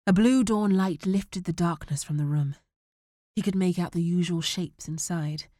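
Female audiobook narrator, measured and dramatic, lower pitch, dry close recording. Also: dark tone, no room sound.

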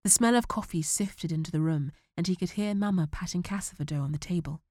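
A woman narrating a children's adventure audiobook in a measured, dramatic way. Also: lowish voice, dark tone, dry recording, studio quality.

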